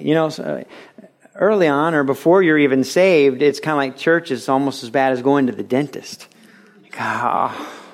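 A man preaching a sermon as pastor, telling stories and acting out quotes. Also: mid-range voice. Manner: animated storytelling with acted-out quotes. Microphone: radio broadcast of a recorded sermon.

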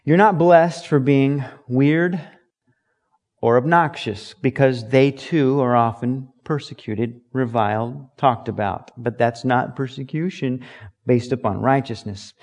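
A man's voice: mid-range voice, slow pace, darkish tone. A man preaching a sermon as pastor, emphatic and joking, often acting out other people's voices. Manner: emphatic, jokey, slips into mock voices.

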